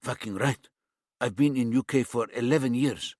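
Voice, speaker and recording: A man's voice: medium pitch, normal speed, darkish tone, no room sound, clean studio sound, lightly acted. A man voicing a gaunt, tattooed Lithuanian prisoner who speaks blunt, broken English with a Lithuanian accent and a menacing edge. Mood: insistent.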